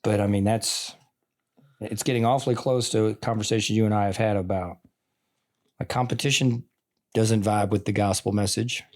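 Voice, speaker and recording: Veteran teacher, male, forties, low-pitched, earnest and rambling in relaxed conversation. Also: normal speed. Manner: earnest, rambling, full of "like" and "I mean". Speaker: teacher and podcast guest. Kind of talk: casual conversation.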